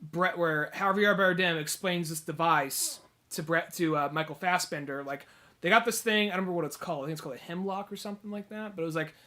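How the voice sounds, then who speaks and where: Bright high-voiced man chatting casually. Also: quick pace. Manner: rambling, profane, acts out quotes. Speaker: podcast co-host. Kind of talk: casual comedy podcast chat.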